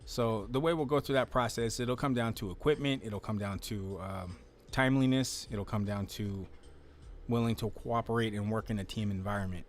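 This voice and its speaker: At home, a livestream host with a lowish voice chats into a desk mic that starts close and then gets moved closer. He rambles casually and relaxed, with the occasional swear word, over slight background noise.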